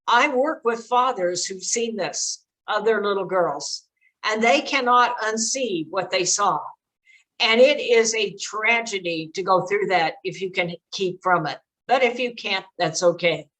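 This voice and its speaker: A rough recording captures an older woman speaking a little slowly in a mid-range, fairly bright voice. Presenting on preventing child exploitation, she gives parents frank, heartfelt advice with many fillers.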